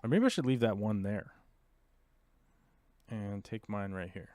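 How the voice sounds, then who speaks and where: A man's voice: fairly low pitch, lively intonation, measured pace, mellow, no room sound. A man hosting a live stream, talking casually through his moves in a strategy game with wry, sarcastic asides and explaining the controls to viewers. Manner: thinks aloud, wry and sarcastic. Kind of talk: casual play-by-play while playing a strategy game.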